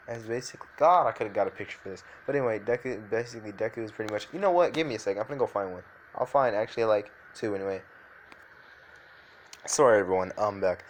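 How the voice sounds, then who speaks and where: A young man with a low voice improvises a fan story out loud. He rambles, fills gaps with fillers and keeps correcting himself. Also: rapid-fire, a little hiss or hum, low-quality recording.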